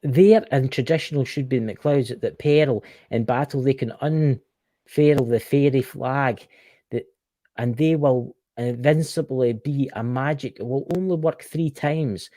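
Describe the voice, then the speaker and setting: A man's voice: mid-range voice, measured pace, mellow, no echo. A Scottish man co-hosting a casual live stream, reading history aloud with stumbles and jokey mock outrage. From Scotland.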